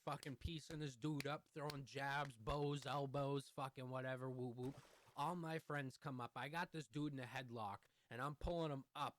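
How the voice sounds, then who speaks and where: A man's voice: medium pitch, a bit bright, a little hiss or hum. A young man telling a heated, profanity-heavy story in a storytime vlog. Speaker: vlogger.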